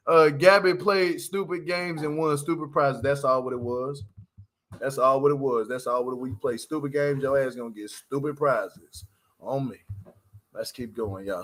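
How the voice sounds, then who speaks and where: A man's voice: mid-range voice, fairly even intonation, normal speed. A man hosting a loose, slangy livestream recap of a reality show, laughing often as he talks. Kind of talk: casual livestream commentary.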